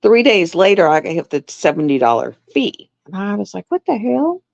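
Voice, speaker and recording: A woman's voice: lowish voice, big pitch swings, brisk, creaky, darkish tone. A middle-aged woman hosting a livestream, chatting casually and rambling through stories while she sews. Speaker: livestream host. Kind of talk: casual chat while sewing. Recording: dull lo-fi dry sound.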